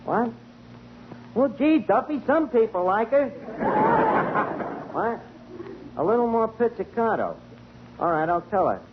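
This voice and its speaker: A wisecracking tavern manager. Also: male voice, very high voice, big pitch swings, slow, pauses often, full character voice. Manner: Brooklyn tough-guy slang with ungrammatical speech. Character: wisecracking male tavern manager, fast-talking. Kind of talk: 1940s radio comedy acting. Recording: tinny lo-fi vintage radio broadcast with hiss.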